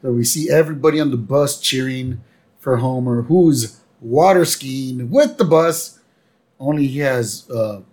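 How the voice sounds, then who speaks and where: A man's voice: medium pitch, a little slow, a little mellow. A man co-hosting a podcast, casually narrating plot beats of a cartoon episode. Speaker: podcast co-host.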